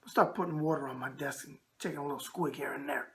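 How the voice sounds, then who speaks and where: A raspy-voiced man with a New York accent hosting a show, bantering in a brash wise-guy way. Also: fairly high pitch, fairly even intonation, fast, a bit bright, slight background noise. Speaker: host. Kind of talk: casual call-in talk show.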